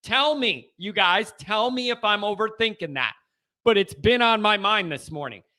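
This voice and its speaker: A high-voiced man with a Midwest American accent hosts a fan call-in show, talking casually. His tone is bright and forceful, and he gets worked up and hammers the same phrase again and again. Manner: animated, fired-up, repeats himself. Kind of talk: casual chat.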